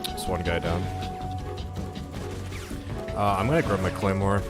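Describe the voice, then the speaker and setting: A man's voice: low voice, a little slow. A man streaming a video game, reacting with swearing and frequent laughter. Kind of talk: gaming livestream commentary. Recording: game music underneath.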